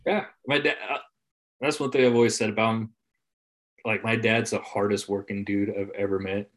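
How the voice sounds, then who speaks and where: A man in casual conversation, laid-back, swearing freely and trailing off softly at the ends of his phrases. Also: on the low side, fairly even intonation, moderate pace. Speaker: podcast guest. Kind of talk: casual chat.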